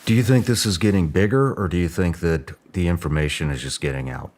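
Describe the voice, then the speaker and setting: A male podcast host reading facts and asking direct, measured questions. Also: deep voice, a little mellow, slight background noise.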